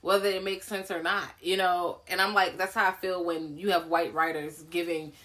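A woman's voice: fairly low pitch, moderate pace. Profane young woman chatting casually. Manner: frank, profane, animated storytelling. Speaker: podcast co-host. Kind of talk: casual chat.

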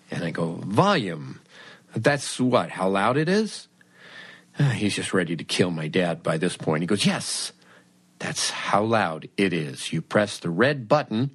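A man's voice: deep voice, slightly rough, dry recording. A middle-aged man hosting a podcast, telling a wry story about himself and acting out both sides of the conversation. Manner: wry, self-mocking. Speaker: podcast host. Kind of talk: storytelling monologue.

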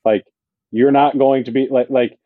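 A man co-hosting a casual sports podcast, talking haltingly with many fillers. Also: mid-range voice, steady tone, no room sound, phone-quality sound. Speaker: podcast co-host.

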